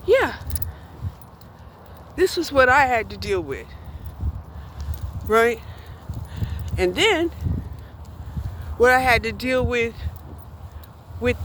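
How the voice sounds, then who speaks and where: Blunt, unhurried woman in her sixties. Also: fairly high pitch, a bit bright, slight background noise, rough recording. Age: 60s. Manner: blunt, keeps checking in with "right?" and "you know". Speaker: vlogger. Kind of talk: candid personal monologue.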